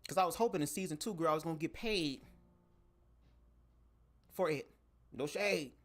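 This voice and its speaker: A man hosting a casual livestream, talking straight to his viewers in an animated, profane way from a home setup at his microphone. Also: on the high side, moderate pace, faint music behind. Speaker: livestream host. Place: home setup, speaking to camera. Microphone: desk microphone.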